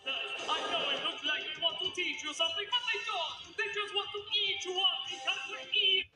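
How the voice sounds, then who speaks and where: A man's voice: very high-pitched, moderate pace, echoey room, recorded from a distance, low-quality recording. A man playing a hammy character in a mock Dracula accent, singing a parody song. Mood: hammy, menacing. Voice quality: theatrical, over-the-top accent. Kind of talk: sung parody in a comedy video. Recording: music playing underneath.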